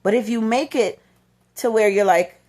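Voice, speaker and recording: A woman with a somewhat high voice gives an inspirational talk to parents on her own channel. She speaks emphatically, hammers each point home through repetition, and acts out the voices of the people she quotes. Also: moderate pace, warm tone. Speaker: motivational channel host and mother.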